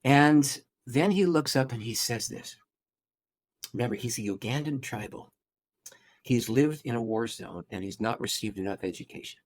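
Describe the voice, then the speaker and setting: A middle-aged man, a pastor, telling a long story in an interview in an animated way, often restarting his sentences. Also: mid-range voice, normal speed.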